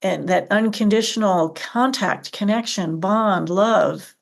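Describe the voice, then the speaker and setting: Gravelly-voiced woman guest. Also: medium pitch, slow. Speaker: guest, animal communicator. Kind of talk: casual interview chat.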